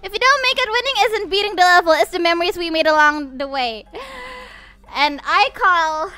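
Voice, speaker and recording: A woman's voice: very high-pitched, normal speed, pushed and bright, dry recording, faint music behind. A young woman from Indonesia, a virtual idol streamer, chatting theatrically over a game, swinging between shrieks and mutters as she reads chat aloud.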